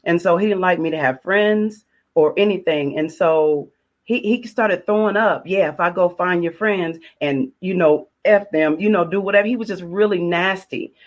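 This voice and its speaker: A woman's voice: on the low side, normal speed, dull audio. A woman relates a personal testimony with heavy emotion. She repeats phrases for weight and acts out her own pleas and prayers as she goes. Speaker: guest sharing her testimony.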